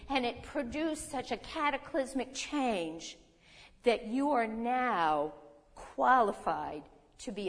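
A woman preaching a sermon, reading scripture aloud, explaining it in a teaching manner and asking the audience questions. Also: on the high side. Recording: long hall reverb.

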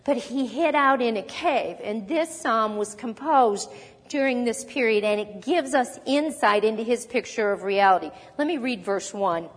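A woman preacher in a church, giving a sermon in an animated storytelling manner with conversational asides. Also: on the high side, moderate pace, big-room sound.

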